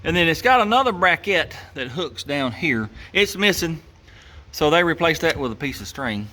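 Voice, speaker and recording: A man's voice: on the high side, sing-song, normal speed, bright, forceful tone. A man hosting a garage channel, talking folksy and casual while he works, chuckling and grumbling about how things are built.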